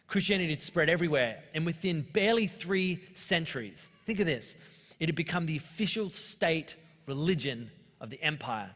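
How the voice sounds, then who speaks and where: An Australian man in his thirties preaching a sermon with a fairly high voice, talking to the congregation in a loose, joking way and telling personal stories. The sound has a long hall reverb, as in a church auditorium. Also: a bit bright. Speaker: pastor.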